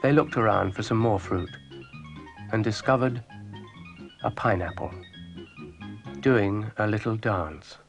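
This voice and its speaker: A man narrating a children's storybook in an unhurried manner. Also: lowish voice, creaky. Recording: dry with faint music.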